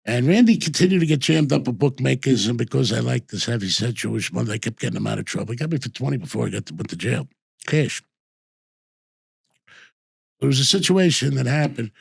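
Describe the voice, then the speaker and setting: With a husky, gravelly voice at medium pitch, this former bookmaker turned host spins rambling, casual stories. He's animated and fairly quick, restarting his sentences and leaning on "I says" again and again.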